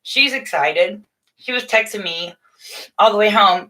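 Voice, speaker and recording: Chatty motherly woman, bright voice. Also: mid-range voice, a little slow. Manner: chatty, motherly, frequent laughs and restarts. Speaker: livestream host. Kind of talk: casual live chat to viewers. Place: home room.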